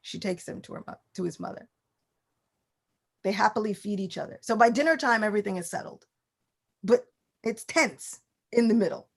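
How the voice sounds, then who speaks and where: A woman giving a scripture class, telling the story in a lively, animated way. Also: mid-range voice, normal speed, gravelly, long pauses, breathy edge.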